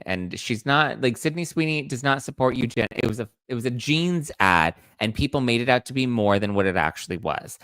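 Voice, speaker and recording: A man's voice: medium pitch, expressive, brisk, a bit bright, no echo. A man hosting a casual pop-culture gossip show, snarky and chatty, acting out quotes in mocking voices. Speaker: entertainment news host.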